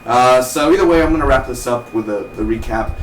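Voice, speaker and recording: A man casually recapping a TV episode, rambling and acting out the characters' lines in quick offhand impressions. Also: mid-range voice. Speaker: TV review vlogger. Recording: roomy, distant from the mic, faint noise.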